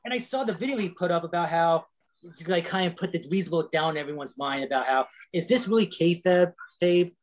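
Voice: mid-range voice, fast talker, low-quality recording. A wrestler chatting casually on a podcast, rambling with lots of fillers and swearing freely.

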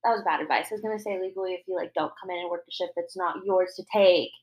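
A woman in her twenties telling customer-service stories in a casual podcast chat, animated and full of profanity, acting out the people she quotes. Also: lowish voice, fast talker, poor audio. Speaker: podcast co-host.

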